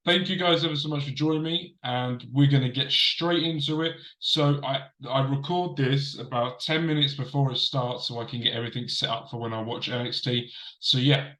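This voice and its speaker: A man's voice: medium pitch, normal speed, fairly bright tone, roomy sound, low-quality recording. A man hosting a casual wrestling review show, chatting straight to camera from a desk and repeating himself for emphasis. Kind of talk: casual commentary. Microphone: desk camera setup.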